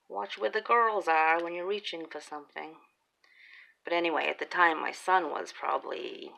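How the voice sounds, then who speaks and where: Middle-aged lady rambling family stories over a craft, lots of vocal fry, laughs and whispery asides. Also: low voice, fairly bright tone, rough recording. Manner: chatty, laughing, drops into breathy whispered asides. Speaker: craft vlogger. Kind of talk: casual storytelling while crafting.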